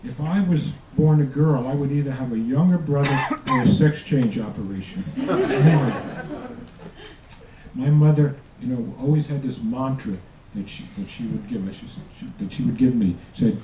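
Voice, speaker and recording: A man in his seventies doing a stand-up comedy set, delivering deadpan one-liners with halting restarts. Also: mid-range voice, recorded from a distance. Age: 70s. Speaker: student comedian. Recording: echoey room, picked up from afar, audience noise.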